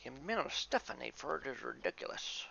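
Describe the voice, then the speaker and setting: A man's voice: medium pitch, very animated, a little fast, gravelly, pushed and bright, lo-fi sound, slight background noise. A man casually commenting on his gameplay as he plays, talking to himself and to the game with mock rants. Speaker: gameplay streamer.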